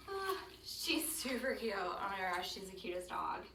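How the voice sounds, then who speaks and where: A woman casually chatting while she cooks in her home kitchen, rambling with lots of ums. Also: medium pitch. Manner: chatty, rambling, with many ums, baby talk to her dog. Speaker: home cook vlogger. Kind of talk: casual cooking vlog chat. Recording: roomy kitchen, mic some distance off, faint background noise.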